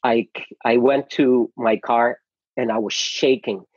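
Husky middle-aged man on a dull call. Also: mid-range voice, fairly even intonation, slow pace, no room sound. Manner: earnest and emotional, with many restarts and repeated words. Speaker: actor, interview guest. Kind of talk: casual interview storytelling.

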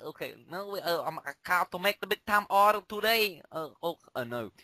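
A young man talks over his gameplay, swinging from quiet muttering to sudden ranting shouts. His voice is very bright and lively in pitch, and the sound is dry and close. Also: a little fast, few pauses, no room sound, low-quality recording. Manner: rants and shouts in sudden bursts, mutters asides. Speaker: gaming commentator. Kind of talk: casual game commentary.

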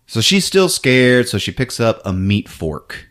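A man hosting a comedy podcast, recapping a film with lots of laughter and quick character impressions. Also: medium pitch. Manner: animated, laughs often, acts out characters.

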